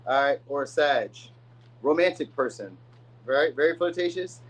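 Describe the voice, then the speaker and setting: A man's voice: on the high side, moderate pace, poor audio. A man giving a casual, rambling tarot reading. He uses slang and often says "you know what I mean.". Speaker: tarot reader.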